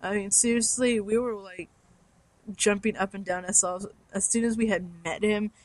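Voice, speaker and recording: A woman's voice: mid-range voice, steady tone, moderate pace, dry recording. A young woman fan chatting casually to her listeners, bubbly and rambling with lots of likes and ums. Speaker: fan podcaster. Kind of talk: casual chat.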